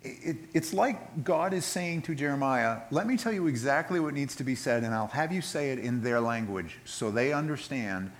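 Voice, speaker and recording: A man's voice: medium pitch, moderate pace, few pauses. Conversational man preaching a sermon. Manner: conversational preaching, animated retelling with restarts. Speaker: pastor.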